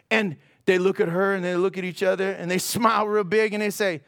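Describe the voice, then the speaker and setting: A man pastor preaching a sermon, telling a story in an animated way and laughing often. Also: high-pitched, fast, hardly any pauses, no echo, clean studio sound.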